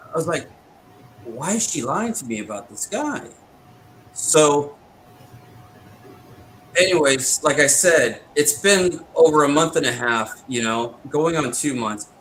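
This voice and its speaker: A man at an ordinary mid pitch recounts his own ordeal as an interview guest. He relays each exchange in quick quoted bursts, insistent and indignant, over a faint ambient hum. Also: fairly bright tone, low-quality recording. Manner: retells exchanges with quick back-and-forth quotes. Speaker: interview guest, military veteran. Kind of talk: first-person storytelling.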